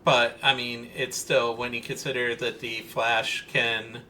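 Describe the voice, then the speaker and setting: A man's voice: mid-range voice, level tone, unhurried, sharp tone. A man co-hosting a podcast, walking through comic-book details analytically with frequent ums and uhs. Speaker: podcast co-host. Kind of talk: casual comic-book discussion.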